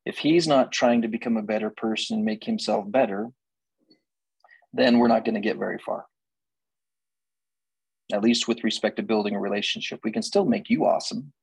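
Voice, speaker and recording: A man's voice: fairly low pitch, fairly even intonation, normal speed, gravelly, pauses often, husky, no echo, rough recording. A man counseling on relationships in a faith-based lecture, emphatic and full of rhetorical questions, repeating key lines for emphasis.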